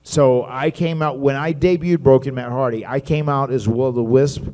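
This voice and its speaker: A man co-hosting a live stage talk show, telling lively anecdotes and laughing as he goes. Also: medium pitch, normal speed. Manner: animated storyteller, laughs through anecdotes. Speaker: co-host and wrestler.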